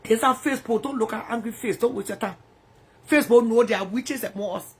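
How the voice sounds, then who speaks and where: A woman's voice: on the high side, a little fast, breathy edge. A woman ranting angrily in profane, repetitive bursts from her bedroom. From Liberia. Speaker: social media personality.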